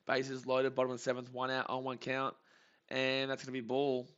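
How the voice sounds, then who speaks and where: Bright-voiced man, anxious play-by-play. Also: mid-range voice, monotone, moderate pace, clean tone. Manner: anxious, pleading, repeats phrases over and over. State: tired, up early without coffee. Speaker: live-stream sports reaction host. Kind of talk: live play-by-play reaction stream. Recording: dull lo-fi stream audio.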